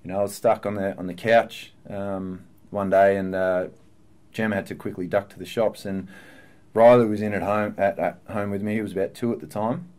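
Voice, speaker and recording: Earnest low-voiced footballer. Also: male voice, steady tone, moderate pace, darkish tone. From Australia. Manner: earnest, reflective, with frequent fillers and restarts. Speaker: professional footballer guest. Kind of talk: candid podcast interview.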